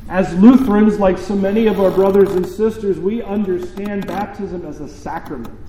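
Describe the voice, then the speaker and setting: A man preaching a sermon as pastor, telling a story slowly and deliberately with dramatic pauses. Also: high voice, dark tone, slight background noise. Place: church sanctuary. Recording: echoey church with long reverb.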